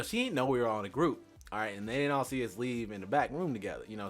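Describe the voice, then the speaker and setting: Animated young man telling a comic story. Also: fairly low pitch. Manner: animated, acts out voices, swings from loud to hushed, laughs through lines; slangy and profane.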